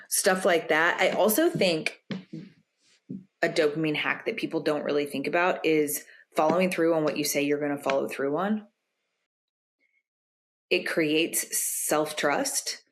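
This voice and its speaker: A young adult woman, a coach guest on a podcast, explaining in casual conversation and acting out quoted remarks with sudden jumps in pitch. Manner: animated, acts out quoted lines in a raised pitch. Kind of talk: conversational interview answers.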